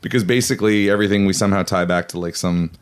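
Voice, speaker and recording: A man's voice: low voice, very fast, clear, resonant tone. A man in his forties co-hosting a podcast, chatting casually and telling stories with laughter. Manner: animated, laughing storyteller. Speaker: podcast co-host. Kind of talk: casual chat.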